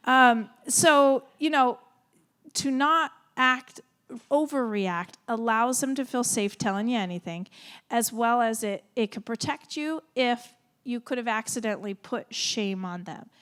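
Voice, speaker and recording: A middle-aged woman and former therapist giving an animated, laugh-filled talk to a moms' group. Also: fairly high pitch, a little slow, clear, resonant tone. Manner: animated, acts out reactions, laughs often.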